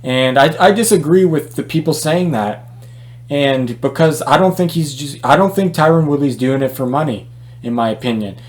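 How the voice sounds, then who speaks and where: A man's voice: a little high, normal speed. Casual, opinionated male boxing vlogger. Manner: conversational, opinionated, many fillers and restarts.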